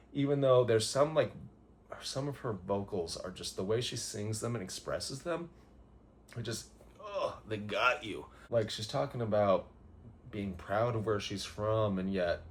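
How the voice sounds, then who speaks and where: A man's voice: mid-range voice, slight background noise. A man counting down his favorite albums in a casual vlog, rambling and gushing with lots of fillers and chuckles. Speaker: music vlogger.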